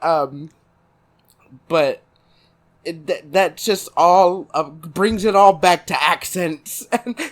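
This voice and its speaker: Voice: mid-range voice, slow, long pauses. A podcast co-host with a Texan accent in casual chat, laughing often, swearing freely and rambling loosely.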